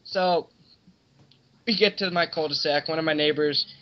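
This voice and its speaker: Young dude telling a rambly story on a podcast, kinda high voice, muffled sound. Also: male voice, normal speed. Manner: loose, rambling, swearing. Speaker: podcast co-host. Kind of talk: casual storytelling chat.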